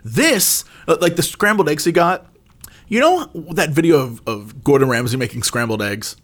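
A man in casual chat, telling a funny family story and jumping up high when quoting himself. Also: lively intonation, moderate pace, a bit bright.

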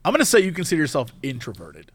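A man co-hosting a podcast in casual chat, playful and teasing, often slipping into loud mock voices. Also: fairly high pitch, wildly swooping pitch, very fast, breathy edge, no room sound. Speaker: podcast co-host.

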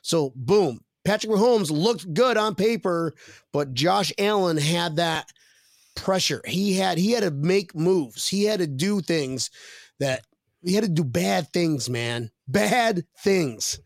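A man hosts a casual podcast with a slightly high voice, joking and reading viewer comments out loud. The sound is dry and close. He talks like he is among friends. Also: expressive, slow, vocal fry, no room sound. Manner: jokey, reads viewer comments aloud. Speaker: podcast host. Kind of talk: casual chat.

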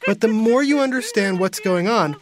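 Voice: medium pitch, lively intonation, normal speed, crowd noise. A host of a kids' science show, explaining things in a friendly way and talking straight to the listener.

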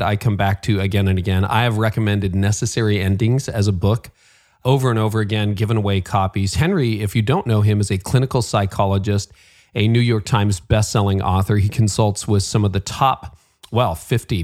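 A man's voice: on the low side, a little mellow. A Canadian man hosting a leadership podcast, chatty and upbeat, laughing at himself now and then. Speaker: podcast host. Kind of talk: conversational podcast hosting with read ads.

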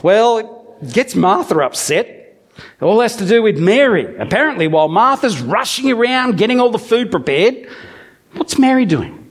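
Male preacher, fairly high and very expressive voice, storytelling sermon with jokes to the congregation. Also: moderate pace, husky. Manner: animated storytelling with humorous asides. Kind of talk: conversational sermon with Bible reading.

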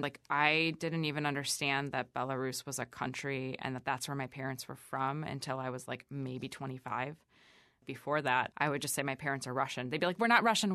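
A woman with a low voice talks through her story in a relaxed interview. She leans on "like" and "you know," and slips into quick voices of the people she quotes. The sound is dry and close, with no room around her. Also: dry recording. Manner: chatty, frequent "like" fillers, quoting others in lively voices. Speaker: chef and restaurant owner, guest. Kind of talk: casual interview conversation.

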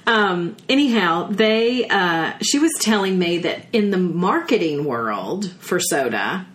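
Chatty Southern woman with a lower voice. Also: slow pace. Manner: chatty, animated, folksy exclamations. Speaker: podcast co-host. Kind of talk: casual chat, reading from an article.

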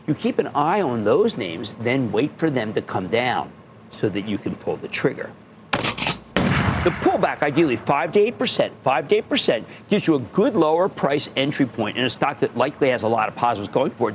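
A middle-aged man hosts a finance TV show with theatrical, emphatic energy. His voice sits fairly high and leaps around dramatically as he punches key words. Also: a little hiss or hum. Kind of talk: animated market commentary.

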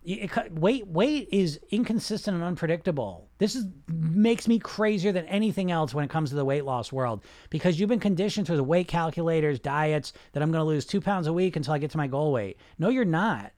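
Speaking straight to his audience, a podcast host reads live comments during a casual live-streamed show, rambling emphatically, restarting often, and saying "you know" a lot. His voice is a little high, animated, and slightly mellow, moving fairly quickly with few pauses.

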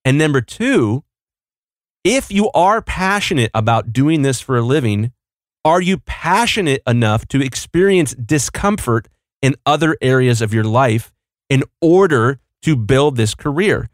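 A man's voice: mid-range voice, animated, unhurried, no room sound, clean studio sound. A married man hosting a podcast, speaking bluntly and with strong opinions. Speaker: podcast host. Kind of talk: casual podcast chat.

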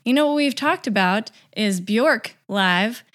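Woman, casual podcast co-host, light laughs, self-deprecating, relaxed. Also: a little high, measured pace. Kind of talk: casual music chat.

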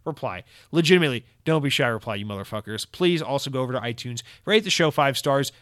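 A man's voice: medium pitch, expressive, fast, fairly bright tone, no echo, clean studio sound. Profane, goofy podcast host man. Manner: profane, sarcastic, goofy rambling. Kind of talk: casual solo podcast monologue.

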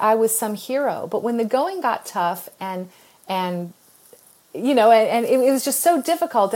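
A middle-aged woman from the United States, an author telling a personal story in an interview with earnest feeling and frequent laughter. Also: on the high side. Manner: expressive, earnest, laughs often while telling. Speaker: author guest.

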